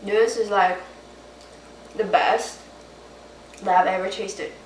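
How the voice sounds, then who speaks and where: A woman's voice: medium pitch, fairly even intonation, slow, echoey room, recorded from a distance, a little hiss or hum, rough recording. A woman chatting casually in a home cooking vlog, enthusiastic as she cooks and tastes her food. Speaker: home cook vlogger. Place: home kitchen.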